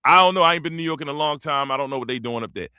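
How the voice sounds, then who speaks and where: High, bright-voiced animated storyteller man. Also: racing, clear, resonant tone, dry recording, clean studio sound. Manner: animated storyteller, slang-heavy, acts out quotes. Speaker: panel host. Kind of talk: casual podcast panel chat.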